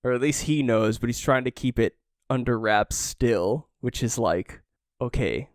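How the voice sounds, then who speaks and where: A man's voice: mid-range voice, measured pace, no echo, studio quality. A man co-hosting a podcast, chatting casually and reading comic panels aloud with sighs. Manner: emotional, sighing, reads dialogue quietly. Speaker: podcast co-host.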